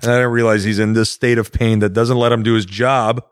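A man's voice: mid-range voice, little pitch movement, a little fast, clear, resonant tone, no echo. A man hosting a podcast in a casual chat, chatty and teasing, rambling through plugs for the show. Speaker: podcast host.

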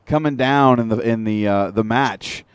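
A man's voice: medium pitch, moderate pace, smooth, no echo. A man co-hosting an internet radio show, ranting in casual, profane wrestling talk with long detailed recaps. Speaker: podcast co-host.

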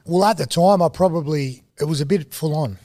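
A man with an Australian accent, a guest telling lively stories in a casual podcast interview and acting out other people's lines. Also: fairly high pitch, a little fast, no room sound. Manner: animated storyteller, mimics others in dialogue.

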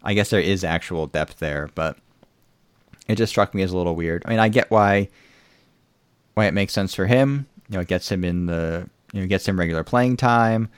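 Podcast host, man, very low voice, dry close sound, meandering chat. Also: normal speed, clear, resonant tone, dry recording. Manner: rambling with many fillers. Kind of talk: casual chat.

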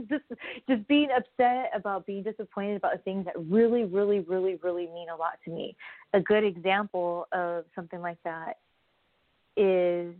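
A woman's voice: on the low side, normal speed, no echo. A woman talking candidly in a casual personal vlog, rambling and losing her train of thought now and then. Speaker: vlogger. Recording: dry, phone-like narrow sound.

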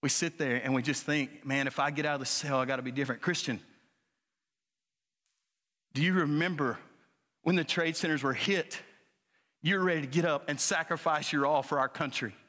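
A man preaching a sermon as pastor, moving from quiet, low talk to loud, high-pitched exhortation. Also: moderate pace, pauses often. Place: church sanctuary. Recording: church hall reverb.

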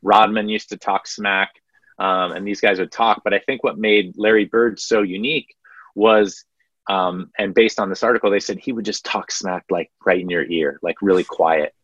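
Man, podcast co-host, low voice, dry dull lo-fi sound, casual storytelling. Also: moderate pace, dry recording. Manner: storytelling, animated retelling of anecdotes. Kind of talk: casual sports podcast chat.

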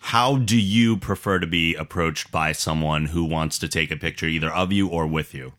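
A podcast host with a very low but bright voice who mostly offers short, encouraging replies while the guest talks. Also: normal speed. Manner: brief encouraging backchannels. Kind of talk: casual podcast interview.

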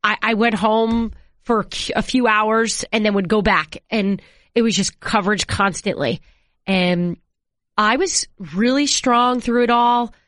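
A woman in her thirties, a TV sports anchor, telling stories in a casual interview and acting out quotes with jumps in pitch. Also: a bit bright, dry recording, clean studio sound. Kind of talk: conversational storytelling.

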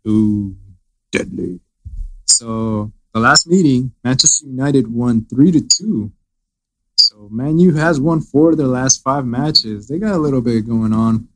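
A man's voice: mid-range voice, rough recording. A man co-hosting a casual soccer podcast, running through match stats with jokes, often trailing off at the ends of lines. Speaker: podcast co-host. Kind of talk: casual sports chat, reading stats.

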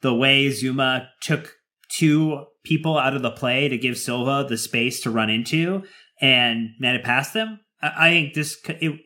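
A man's voice: mid-range voice, measured pace, pushed and bright. A man co-hosting a casual podcast, talking enthusiastically and at length. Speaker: podcast co-host.

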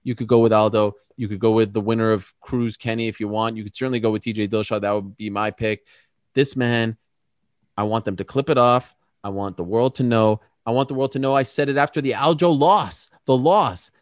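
A man co-hosting a casual sports chat show, talking fast and getting insistent and excitable as he argues his picks. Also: fairly low pitch, dry recording, clean studio sound. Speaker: co-host.

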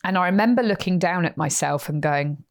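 Slightly low woman telling a vivid story. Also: fairly quick. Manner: animated, vivid retelling with acted-out quotes. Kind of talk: personal storytelling.

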